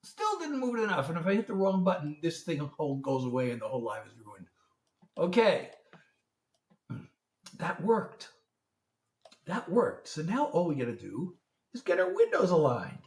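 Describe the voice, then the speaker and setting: A man's voice: a little high, wildly swooping pitch, moderate pace, long pauses, a little mellow, distant mic. A man hosting his own music livestream, chatting casually, greeting viewers by name and fumbling with the setup. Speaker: singer-songwriter hosting a livestream. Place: room at home lit by a ring light. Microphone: phone. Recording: echoey room, voice heard from off the mic.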